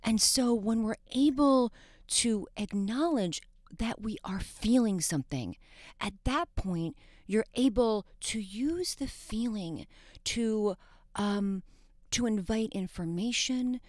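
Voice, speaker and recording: A woman psychologist talking as a guest on a talk show, animated, with frequent restarts and laughs. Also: a little high, slow, no echo, clean studio sound.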